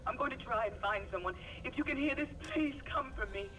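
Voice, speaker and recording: A woman's voice: high-pitched, fairly quick, pushed and bright. An actress voicing a frightened young woman trapped alone in a game, pleading for help, heard as distant noisy game audio. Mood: scared. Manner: pleading, panicked.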